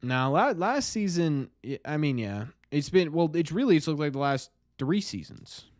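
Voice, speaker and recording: A man's voice: on the high side, sing-song, moderate pace, dry recording, studio quality. A young man hosting a live stream, chatting with viewers, talking in rambling, exasperated bursts with frequent restarts. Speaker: podcast host reading live chat. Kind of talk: casual live-stream game commentary.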